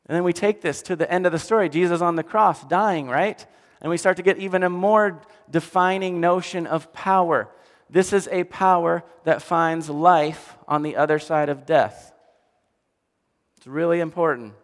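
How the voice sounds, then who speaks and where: A male pastor preaching a sermon in an animated storytelling way, often dropping to quiet for emphasis. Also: on the high side, unhurried. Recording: long hall reverb.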